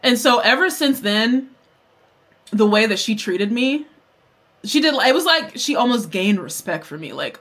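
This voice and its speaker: A young woman vlogs a storytime while she does her makeup, candid and quick to swear. She tells the story in an animated way. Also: on the high side. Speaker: vlogger.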